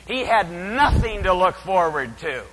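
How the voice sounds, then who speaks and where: A man's voice: sits high, sing-song, unhurried. Older preacher man in a reverberant hall. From California's San Joaquin Valley. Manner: dramatic, swings from hushed to loud. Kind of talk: sermon storytelling.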